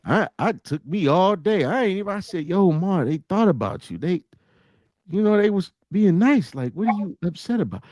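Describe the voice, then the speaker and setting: A man's voice: sits high, normal speed, no room sound, clean studio sound. A man in his forties, a podcast co-host, telling stories in casual profane banter and acting out quoted voices. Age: 40s. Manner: animated storyteller, acts out quotes.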